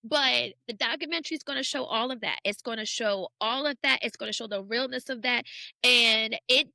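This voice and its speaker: High, bright-voiced woman sharing testimony. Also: fairly quick, vocal fry, no echo. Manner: earnest, repeats phrases for emphasis. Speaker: podcast guest, church builder. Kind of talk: candid personal testimony in conversation.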